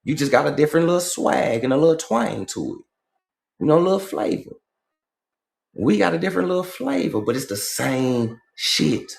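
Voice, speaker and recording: A man from Georgia, holding forth in a casual livestream monologue, animated and full of profane slang. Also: fairly high pitch, moderate pace, creaky. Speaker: livestream host.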